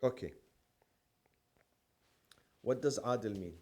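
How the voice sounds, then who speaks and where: A man's voice: mid-range voice, slow pace, a little mellow. A man teaching a classroom lecture, asking the class questions and repeating key terms.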